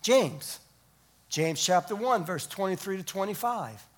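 A middle-aged man preaching a sermon as pastor, swelling to emphatic peaks and then dropping low and quiet. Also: lively intonation, a little slow.

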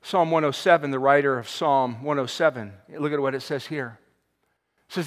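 A male pastor preaching a sermon with passion, swinging between loud cries and hushed, quiet passages. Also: medium pitch, fairly quick. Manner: impassioned, swings from shouting to hushed. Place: church sanctuary. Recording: long hall reverb.

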